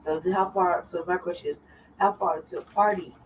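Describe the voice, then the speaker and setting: A woman's voice: on the low side, steady tone, fairly quick, far from the mic, a little hiss or hum, poor audio. A woman with a Southern accent, chatting rambling and repetitive on a livestream. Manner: rambling, repeats herself. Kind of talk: casual livestream chat. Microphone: far from the mic.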